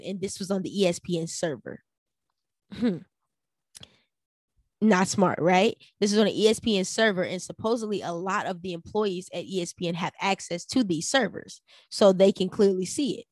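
A woman's voice: medium pitch, no echo. Young adult woman, mid-range voice, solo podcast commentary, punchy and direct, dry recording. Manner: animated, rhetorical questions, frequently addresses listeners directly. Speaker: podcast host.

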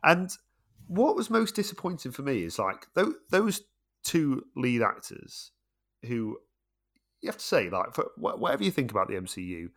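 A man's voice: medium pitch, moderate pace. A middle-aged man co-hosting a film podcast, emphatic and getting worked up in casual chat. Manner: animated, emphatic, rising when worked up. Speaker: podcast co-host.

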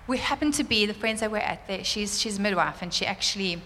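A woman telling a church congregation a personal testimony, animated and fervent, laughing often. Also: medium pitch, quick pace, slight background noise. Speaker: church speaker sharing a testimony. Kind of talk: sermon testimony. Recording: roomy church hall reverb, faint ambience.

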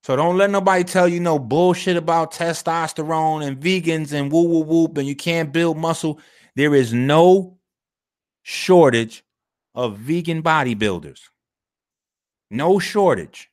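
Talking at an unhurried pace in a fairly high voice, a man hosts a video of casual clip commentary. He swears, uses slang, speaks emphatically and repeats phrases for effect.

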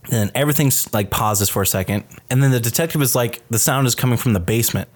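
A man hosting a podcast, retelling a film scene in casual chat, animated and profane. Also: medium pitch, quick pace. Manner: animated, profane storytelling with many fillers. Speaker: podcast host reviewing a film.

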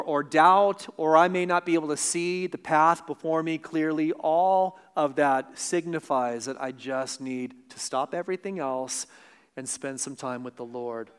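A man's voice: fairly high pitch, a bit bright, smooth. A man preaching an evening sermon in an earnest, conversational way, with asides and restarts. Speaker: pastor.

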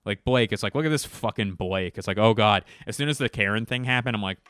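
A man's voice: lowish voice, quick pace, fairly bright tone, no room sound. Solo comedy podcast host, a man in his thirties, profane, rambling, sarcastic, in a dry booth. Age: 30s.

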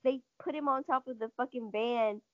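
A woman guest on a casual podcast chat, expressive and swearing freely. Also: on the high side, normal speed. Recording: dull lo-fi recording.

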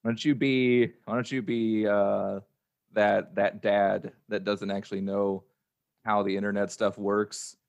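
A man's voice: fairly low pitch, flat delivery, unhurried, creaky, dull audio. A man chatting casually on a podcast in an easygoing way. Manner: easygoing, laughs often.

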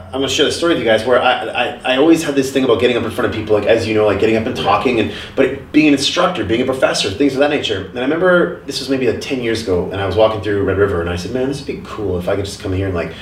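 A man hosting a casual group chat, telling stories in an animated way and swearing casually. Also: lowish voice, racing, slight background noise. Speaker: podcast host. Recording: roomy, distant phone audio.

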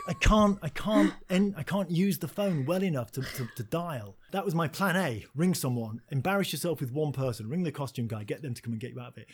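A man, an actor and guest, tells an animated and self-mocking story in a casual interview, laughing as he goes. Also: a little high, breathy edge.

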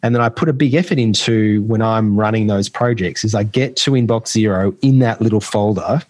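A man's voice: fairly low pitch, a little fast, darkish tone. An Australian man co-hosting a casual podcast, chatty and thinking aloud as he works through ideas. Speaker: podcast co-host. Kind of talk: casual chat.

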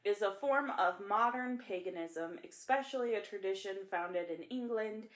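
A woman's voice: mid-range voice, moderate pace. A young woman co-hosting a podcast in casual chat, giggly and chatty, reading definitions aloud. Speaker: podcast co-host. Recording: roomy echo.

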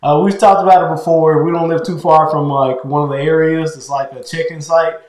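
A man with a somewhat high voice chats casually on a home podcast, slipping in slang and frequent laughter. His voice carries a roomy echo around it. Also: fairly even intonation, a little fast, a little mellow. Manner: laid-back, laughs often, folksy slang. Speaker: podcast co-host. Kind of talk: casual chat.

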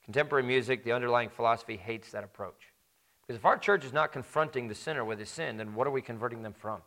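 A man preaching a sermon, climbing to loud emphatic peaks and dropping low and quiet, slowing down on the points he stresses. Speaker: pastor.

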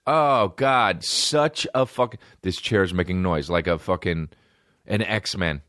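A man's voice: sits low, slow, fairly bright tone, no room sound, studio quality. A man in his thirties hosting a casual solo comedy podcast, rambling and swearing, slipping into mimicked voices of other people. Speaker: podcast host. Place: small indoor room with a creaky chair.

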